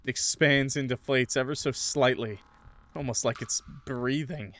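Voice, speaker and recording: A male gaming streamer narrates a horror visual novel with dramatic, measured reading. He drops into casual, joking asides between passages, his voice sitting at an ordinary middle pitch. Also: fairly even intonation, fairly bright tone.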